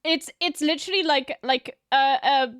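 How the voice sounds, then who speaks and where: A woman's voice: high-pitched, moderate pace, fairly bright tone, dry recording, clean studio sound. A woman voice actor chatting casually on a live stream, rambling with lots of fillers.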